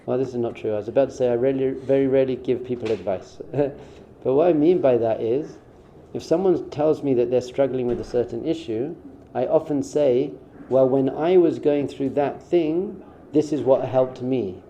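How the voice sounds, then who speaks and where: A man's voice: mid-range voice, normal speed, dark tone, slight background noise. A man who is a rabbi, giving a conversational spiritual talk in an informal way and acting out short quoted exchanges. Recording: dull, muffled sound.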